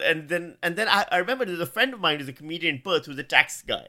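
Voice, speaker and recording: A man's voice: fairly high pitch, animated, very fast, hardly any pauses, pushed and bright. A man from Pakistan, a podcast co-host and comedian, telling a self-mocking story in casual chat.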